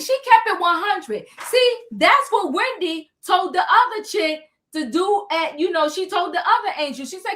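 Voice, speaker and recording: High-pitched lady gossiping through a reality show recap, really animated. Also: moderate pace. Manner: animated storyteller, acts out quotes, slangy. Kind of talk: casual chat.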